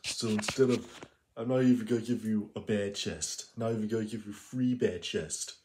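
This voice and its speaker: A man's voice: on the low side, moderate pace, dark tone, close to an everyday voice. A man playing a cocky, scornful teenage boy in a fan parody roast, mocking and name-calling. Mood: ranting.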